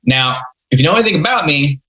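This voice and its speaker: Animated and fast, with a slightly high, pushed, bright voice, a young man hosting a podcast rambles through self-mocking tales of his early jobs. The audio is poor, and the storytelling is casual.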